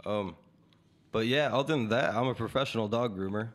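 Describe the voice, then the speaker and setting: A man's voice: mid-range voice, brisk. A young man, a musician guest, chatting in a laid-back, slangy way and laughing easily. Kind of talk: casual interview chat.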